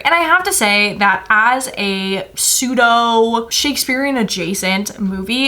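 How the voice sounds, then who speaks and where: A woman's voice: medium pitch, sharp tone. A woman chatting casually as she reviews films, full of "like" fillers and frequent laughs. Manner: chatty, many "like" fillers, laughs between phrases. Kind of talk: casual film review chat.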